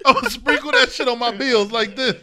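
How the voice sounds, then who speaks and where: A man's voice: very high voice, a little fast, heavy background noise. A man from the US Midwest co-hosting a podcast, telling stories in casual banter. He swears a lot and keeps laughing. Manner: animated, profane storyteller who laughs a lot. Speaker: podcast co-host.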